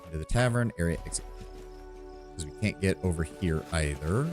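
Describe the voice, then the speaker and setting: A man's voice: deep voice, lively intonation, a little fast. A man streaming a role-playing game, joking, swearing and thinking aloud, who also reads the game's story text. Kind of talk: casual game commentary and reading game text aloud. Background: faint game music.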